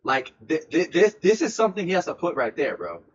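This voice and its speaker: A young man streamer telling a story in a casual, animated way, full of swearing and repeated words. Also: fairly high pitch, a little fast, husky, highs cut off. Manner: animated, profane, repeats himself often.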